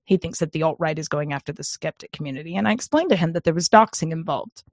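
A woman co-hosting a podcast, telling a long story in a rambling, animated way and breaking into laughter often. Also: low voice, quick pace, dry recording, studio quality. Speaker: podcast co-host. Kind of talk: casual storytelling chat.

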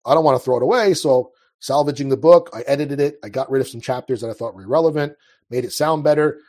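A man's voice: mid-range voice, fast talker, a little mellow. A man in his thirties telling his life story as an interview guest, in a casual, rambling way full of restarts. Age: 30s. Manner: rambling, restarts, frequent fillers.

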